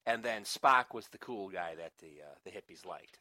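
Lively man in casual chat. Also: low-pitched, normal speed, no echo. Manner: animated, rambling with restarts and laughs. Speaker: podcast co-host.

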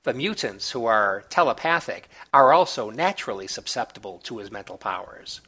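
A man reviewing comic books, recapping the plot in a relaxed, chatty way with small asides. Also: medium pitch, moderate pace, husky.

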